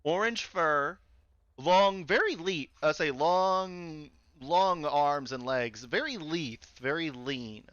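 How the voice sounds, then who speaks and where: A man running a tabletop game in a loose, rambling way, his voice bright and very clear. The recording is dry and close, with a slightly dull top end. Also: on the high side, expressive, slow pace, dry recording. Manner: loose, casual, with many fillers and restarts. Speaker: game master.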